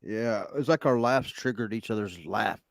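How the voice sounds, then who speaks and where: A man's voice: lowish voice, normal speed, vocal fry, no room sound, studio quality. A man co-hosting a casual livestream, chiming in with short reactions and laughing easily. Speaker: co-host.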